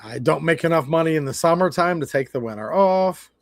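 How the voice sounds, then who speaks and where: A man's voice: a little high, expressive, fairly quick, dry recording. A man in his forties hosting a livestream, rambling and stammering in a blunt, frustrated way. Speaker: livestream host. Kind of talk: casual livestream rant.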